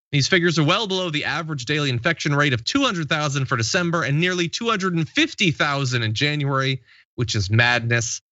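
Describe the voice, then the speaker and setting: A man's voice: on the high side, sharp tone, no echo, lo-fi sound. A man in his late thirties hosting a casual live stream, reading viewer comments aloud and laughing easily. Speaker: show host.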